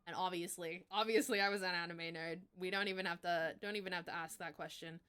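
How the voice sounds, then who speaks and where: Bright-voiced young woman telling a story. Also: fairly low pitch, fast talker, clear, resonant tone. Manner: animated, swears freely, laughs between lines. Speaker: streamer. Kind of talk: casual storytelling chat.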